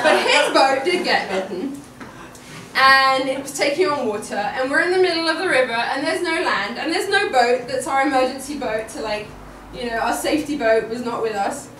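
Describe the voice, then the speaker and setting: A woman telling a personal story at a live storytelling event, animated and often laughing, repeating words for effect. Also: high voice. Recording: echoey room, distant mic, noisy.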